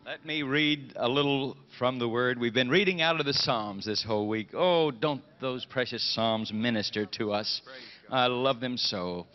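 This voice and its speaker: A man's voice: mid-range voice, moderate pace. A man hosting a Christian TV broadcast, calling out to guests and leading the crowd. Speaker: TV show host. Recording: 1980s TV broadcast, lo-fi with music.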